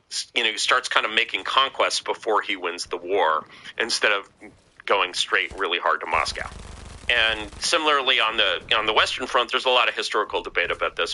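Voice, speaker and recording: Bright-voiced rambling man, lots of fillers. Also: medium pitch, rough recording. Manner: rambling, heavy on fillers and restarts. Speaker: podcast guest. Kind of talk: casual conversation.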